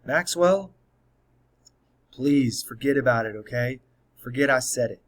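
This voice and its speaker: A man's voice: mid-range voice, measured pace, close to an everyday voice. A man reading an audiobook, voicing a kind, earnest middle-aged woman principal who speaks in a soothing, firm way. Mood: reassuring. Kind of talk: audiobook character voice.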